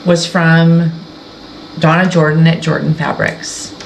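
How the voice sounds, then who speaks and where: A woman's voice: low voice, flat delivery, takes it slowly, gravelly. A woman hosting a sewing channel, chatting casually and rambling as she shows her quilting project. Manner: rambling, self-interrupting, chatty. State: tearful, emotional. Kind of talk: casual sewing vlog chat. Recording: echoey room with faint background noise.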